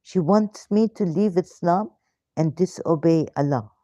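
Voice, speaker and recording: Hosting a live question-and-answer session, this ex-Muslim woman speaks in a lowish, warm voice at a measured pace, with no room sound on the dull lo-fi stream. She's emphatic and indignant, firing off rhetorical questions amid hesitant fillers and broken grammar.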